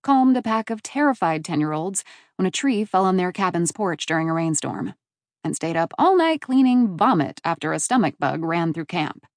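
A woman reading a first-person novel aloud as an audiobook narrator, in a warm and measured storytelling manner. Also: lowish voice, sing-song, dry recording.

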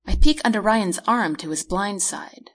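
A woman reading her own novel aloud as a measured first-person audiobook narration. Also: mid-range voice. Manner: measured storytelling read.

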